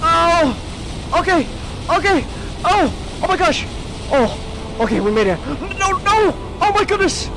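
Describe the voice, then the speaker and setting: A man hosting a casual live-stream podcast while playing a game, excitable, with loud outbursts and stammered restarts. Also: very high-pitched, takes it slowly.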